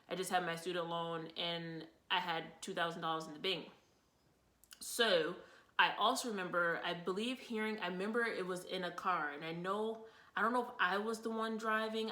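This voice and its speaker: A woman's voice: fairly low pitch, bright, forceful tone. A young woman vlogger telling a personal story in a rambling, casual way, with lots of fillers and repeats. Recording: echoey room.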